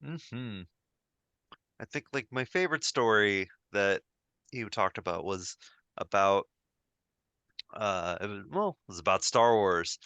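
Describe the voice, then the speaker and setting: A man's voice: lowish voice, takes it slowly, pauses often, clean tone, no room sound. A man co-hosting a podcast, retelling a story in casual chat with plenty of fillers. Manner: relaxed storytelling with filler words. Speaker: podcast co-host.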